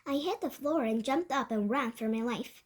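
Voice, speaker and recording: A woman reading a children's novel aloud as a first-person story, lively and with occasional slips and restarts. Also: a little high, moderate pace. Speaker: book reader.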